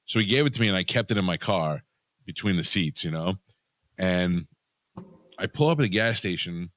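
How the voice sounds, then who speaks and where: A man with a low, deep voice tells a story in loose, profane chat. He speaks into a close mic in a dead-dry room, and his delivery stays animated and blunt. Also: normal speed, no echo. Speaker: podcast co-host.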